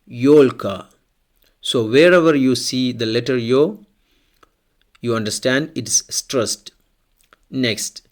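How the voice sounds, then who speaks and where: Slow, deliberate male language teacher. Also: medium pitch. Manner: slow, deliberate, repeats example words twice. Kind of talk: slow explanatory language lesson.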